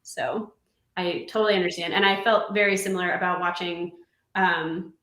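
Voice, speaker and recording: A woman's voice: fairly low pitch, normal speed. A woman musician talks in an easy, rambling way and laughs often. Her voice carries a roomy echo around it. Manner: giggly and chatty, with lively laughs. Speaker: musician guest. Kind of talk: casual chat.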